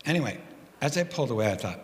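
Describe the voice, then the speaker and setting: A male pastor giving a sermon, moving from quiet prayer to relaxed, humorous storytelling. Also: medium pitch, racing, in a large hall, slight background noise. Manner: conversational storytelling with gentle humor.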